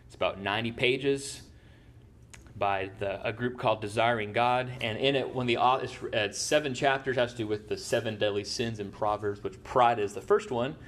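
A man's voice: mid-range voice, steady tone, moderate pace, fairly bright tone. Guy pastor giving a sermon, talks like he's just chatting with you, lots of "right?". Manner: conversational, tags points with "right?".

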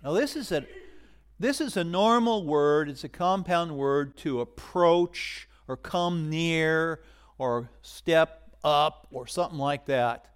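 A man preaching a sermon in a conversational way, rising to loud emphasis and dropping to hushed whispers. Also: on the high side, slow, clear, resonant tone. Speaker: pastor.

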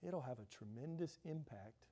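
A male pastor preaching a sermon, telling a story and quoting the people in it, sometimes dropping to a hush. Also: medium pitch, expressive, moderate pace. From grew up in a big city. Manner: storytelling, quoting others in shifting voices, drops to a hush.

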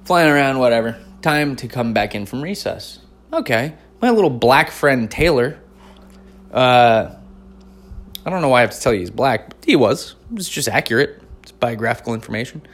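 A man's voice: medium pitch, lively intonation, moderate pace. A man in his thirties, hosting a podcast, tells a comic story in a loose, profane, rambling style. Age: 30s. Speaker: comedian podcast host.

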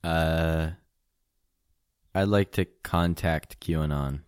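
A man's voice: extremely low pitch, extremely slow, smooth, dry recording, clean studio sound. A man playing a tabletop game, joking around in casual chat. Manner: joking, laughing easily. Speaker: player.

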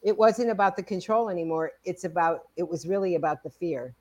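A woman in her sixties co-hosting a podcast, telling stories in a casual, animated way. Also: lowish voice, brisk. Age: 60s. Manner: animated storytelling, acts out quoted dialogue. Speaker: podcast co-host. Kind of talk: casual conversation.

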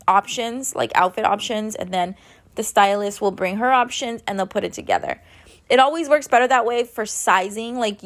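Thirties woman rambling thru a story, lots of likes, swears a bit, kinda tired. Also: medium pitch. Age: 30s. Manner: chatty, rambling, many "like" fillers; blunt, with casual swearing. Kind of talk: casual storytelling monologue.

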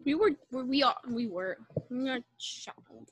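A woman's voice: sits high, animated, normal speed, slight background noise, low-quality recording. A young girl co-hosting a casual podcast, rambling and giggly, acting out text messages in a sassy voice. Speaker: podcast co-host. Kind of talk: casual chat.

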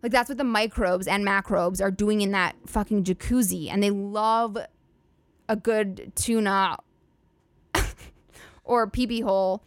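A woman's voice: medium pitch, no echo. A woman hosting a solo comedy podcast, rambling and swearing freely with lots of "like" fillers. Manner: profane, rambling, filler-heavy "like" talk. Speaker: podcast host.

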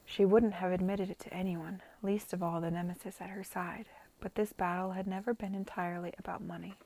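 A woman's voice: on the low side, flat delivery, a little fast, mellow, slight background noise. A woman reading a novel aloud to friends, casually, often stumbling over words and correcting herself. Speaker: reader.

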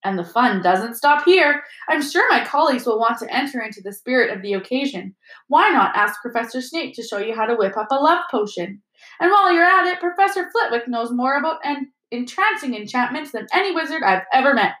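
A woman's voice: sits high, lively intonation, a little fast, a bit bright, reverberant, pitched above the performer's own voice, poor audio. A woman voicing a vain, showy male wizard teacher who beams and gushes at his audience. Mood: gushing. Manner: gushing, theatrical and self-satisfied.

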